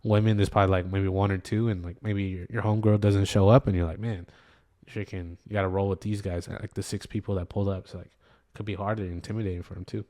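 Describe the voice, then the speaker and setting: A laid-back man talks in casual podcast chat. His voice sits a little low, and he rambles along with plenty of fillers and trailing thoughts. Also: level tone, fast, warm tone. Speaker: podcast co-host.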